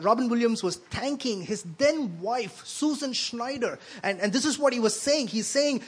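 A man's voice: extremely high pitch, fairly bright tone, husky. A man preaching a sermon in a conversational way, often adding "right?" and repeating words as he speaks.

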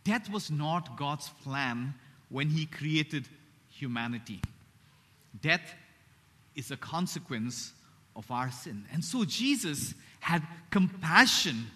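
An earnest male preacher with a slightly high voice delivers a sermon. He speeds through asides and then slows to a soft hush for his main points. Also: animated. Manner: earnest, slows and drops to a hush on key phrases. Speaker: pastor.

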